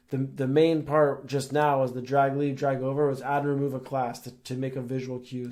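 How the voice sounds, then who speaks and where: A young man talks through a software tutorial while sharing his screen, explaining each step in a loose, conversational way. His pitch sits in an ordinary middle range, and he sprinkles in "like" and "um" as he thinks aloud. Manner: casual, explains step by step with fillers. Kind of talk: screen-share coding tutorial.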